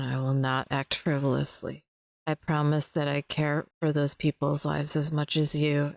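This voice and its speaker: A devoted rogue, voiced by a woman, making tender, heartfelt declarations. Her voice sits low for a woman and sounds dry and close to the mic. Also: gravelly, dry recording.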